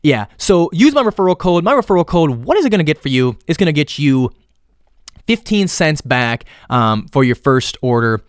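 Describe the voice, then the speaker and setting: A man running a solo podcast in a loose, profane, rambling way. His voice sits a bit high for a man and is recorded close and dry, with no room sound. He drops into quiet muttering, then jumps up loud and eager when he pitches something. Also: sing-song, normal speed, clean tone, dry recording. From Minnesota. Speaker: podcast host. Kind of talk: casual solo podcast monologue.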